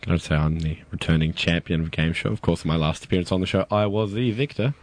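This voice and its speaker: Fast-talking deep-voiced man. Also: steady tone. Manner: quick, stammering, playful. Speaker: radio panelist. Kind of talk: studio debate and banter.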